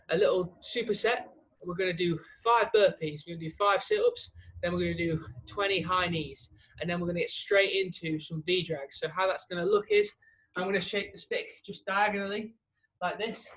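Guy coaching a hockey workout, kinda out of breath, encouraging, noisy background. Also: high-pitched. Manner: upbeat, encouraging, counts reps aloud. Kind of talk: home workout instruction. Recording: steady background noise.

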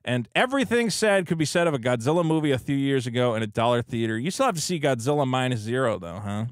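A man co-hosting a casual podcast, reading out paid chat messages in an animated, self-mocking way. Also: mid-range voice, fast talker, no room sound, clean studio sound.

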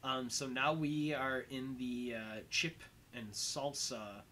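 A man's voice: medium pitch, slow pace, pushed and bright, slight background noise, rough recording. A young man giving casual movie commentary as host, rambling and full of "um" and "like.". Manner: rambling, heavy on fillers like "um" and "like".

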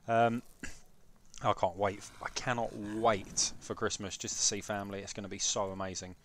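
A young British man doing excitable, jokey live gameplay commentary and chatting with his viewers. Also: fairly low pitch, moderate pace, slight background noise. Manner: excitable banter with chat, jokey. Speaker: game streamer.

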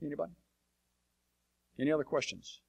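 A man's voice: fairly high pitch, animated, brisk, gravelly, husky. A man speaking as a missionary preacher, telling plain-spoken stories to a church congregation with a blunt, folksy manner and frequent fillers. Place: church sanctuary.

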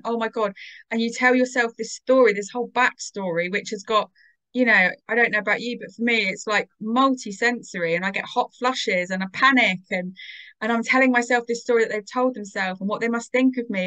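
A woman speaks as a guest on a podcast in a casual, lively way. She quickly acts out the conversations she has with herself. Her voice sits a little high. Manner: quick and animated, acts out her inner dialogue.

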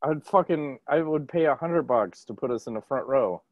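A man hosting a casual podcast over a video call, talking in an excitable, profane and jokey way. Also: mid-range voice, normal speed, dry recording, narrow, tinny audio. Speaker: podcast host.

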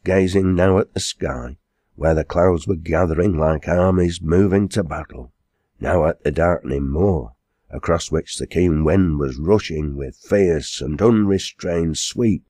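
Slow low-voiced male narrator. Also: mellow, no echo, studio quality. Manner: measured storytelling. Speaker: audiobook narrator. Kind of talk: scripted narration.

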